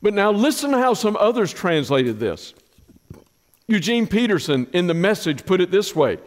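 A middle-aged man preaching a sermon, telling stories with feeling and dropping to a hushed, tender voice at moving moments. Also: high-pitched, very animated, moderate pace, in a large hall. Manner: storytelling, emotional, softens to a hush in tender moments. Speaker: pastor.

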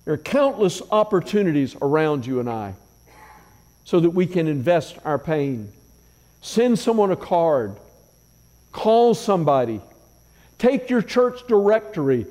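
A man with a high but mellow voice preaches a sermon, measured and emphatic, stacking repeated phrases to drive each point home. His words ring out with a long reverb from a large church sanctuary. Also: sing-song. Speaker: pastor.

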